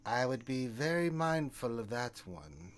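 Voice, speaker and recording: A man voicing a stern female Sith master who issues grave, measured warnings. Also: mid-range voice, very animated.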